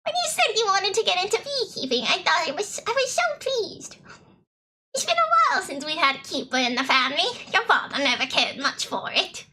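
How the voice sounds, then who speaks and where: A woman voicing a doting, fussing older grandmother with a British accent and a high, fluttery voice that rises into breathy peaks. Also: very animated, fairly quick, sharp tone, heavily acted. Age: over 60. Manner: clucking and fussing nonstop.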